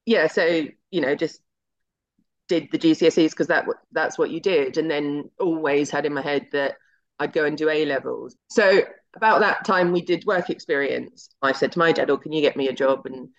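A woman's voice: deep voice, normal speed. A middle-aged woman, a TV executive guest, telling her story in a chatty, anecdotal way and acting out the dialogue. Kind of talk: casual interview storytelling. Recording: slightly muffled lo-fi audio.

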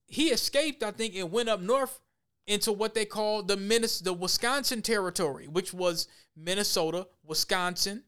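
High-voiced blunt man talking. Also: moderate pace, clean tone. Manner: blunt, profane, animated storytelling. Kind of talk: casual talk show chat.

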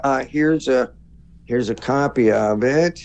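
A male guest speaker on a spiritual talk show, speaking in a measured way with many fillers. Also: medium pitch, creaky, darkish tone. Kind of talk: casual interview talk. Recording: dull lo-fi sound.

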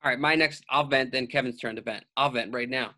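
A man's voice: medium pitch, steady tone, fairly quick, bright, forceful tone. A man hosting a podcast, telling stories in a loose, casual way and saying "dude" a lot. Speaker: podcast host. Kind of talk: casual chat.

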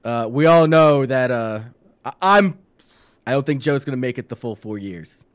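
A man from Long Island co-hosting a podcast, talking casually with swearing and halting restarts. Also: medium pitch, expressive, clear, resonant tone. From Long Island, New York. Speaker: podcast co-host. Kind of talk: casual chat.

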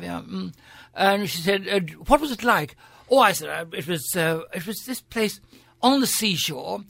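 A man's voice: high-pitched, lively intonation, measured pace, creaky, fairly bright tone, no room sound. An older man with a grand upper-class Irish accent, telling wry, theatrical stories as a guest in a radio studio. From Ireland. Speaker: guest, senator. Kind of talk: frank anecdotal interview.

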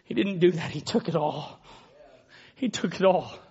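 A male preacher delivering an emotional sermon, swinging from loud exclamations to hushed near-whispers. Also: a little high, normal speed, slightly rough, lo-fi sound.

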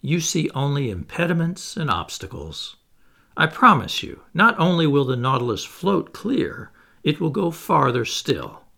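A man's voice: fairly high pitch, very animated, measured pace, creaky, bright, forceful tone, pitched above the performer's own voice, exaggerated voice. A man reading the part of a proud, daring submarine captain who speaks coolly and ironically. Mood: confident. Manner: cool, ironic and commanding.

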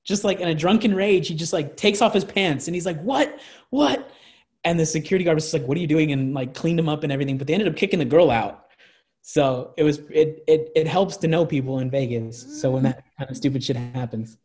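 A man's voice: a little high, fast talker, a little mellow, slightly rough. A man in his twenties telling party stories in casual chat, rambling with lots of restarts and swearing. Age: 20s. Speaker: guest.

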